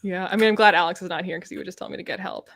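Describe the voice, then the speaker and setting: A woman's voice: on the low side, fairly even intonation, very fast, creaky, fairly bright tone, a little hiss or hum. A woman hosting a casual live chat about books, talking in a chatty, rambling way with lots of fillers. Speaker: book channel host.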